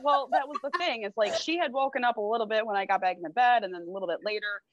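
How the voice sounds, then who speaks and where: A woman's voice: fairly high pitch, fast, no room sound, dull audio. A woman casually telling a rowdy story on a podcast, swearing freely and laughing as she goes. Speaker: podcast guest.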